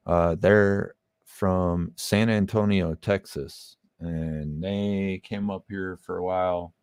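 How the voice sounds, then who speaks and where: A man's voice: low-pitched, steady tone, slow, a little mellow, smooth, no room sound. A man guesting on a podcast, chatting casually about his music, rambling with lots of fillers and swearing. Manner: laid-back, swears a lot, rambling with many fillers. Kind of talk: casual interview chat.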